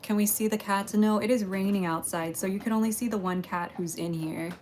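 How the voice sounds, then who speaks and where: Brisk and darkish in tone, her mid-range voice keeps a fairly even intonation over slight background noise. She's from Texas and runs a relaxed pottery livestream, frequently laughing and welcoming viewers by name as they chat.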